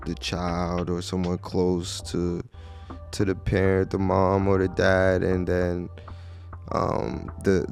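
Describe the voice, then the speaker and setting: A man's voice: low-pitched, a little mellow. A man in casual podcast chat, telling stories in an easygoing way and swearing casually.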